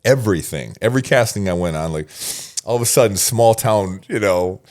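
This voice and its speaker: A man in his fifties, a podcast guest telling stories in a casual interview, animated, laughing often and repeating phrases. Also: lowish voice, fairly quick.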